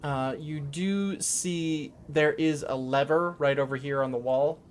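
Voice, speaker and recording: A man narrating a tabletop game as dungeon master, unhurried and full of fillers. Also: fairly high pitch, fairly even intonation, slight background noise.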